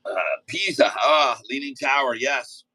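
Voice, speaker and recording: A man with a forceful, bright, slightly rough voice hosts a live day-trading stream, easygoing and folksy, rambling between stock calls and chatty asides packed with fillers. He's medium-pitched and unhurried. The sound is dry and close, with no room echo.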